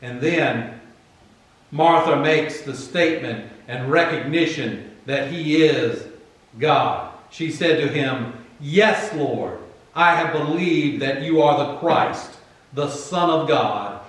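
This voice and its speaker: Echoey, conversational Virginian pastor. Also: male voice, on the high side, a bit bright. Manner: conversational, acts out Bible figures in quick asides. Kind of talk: sermon. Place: church. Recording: very echoey room, far from the mic.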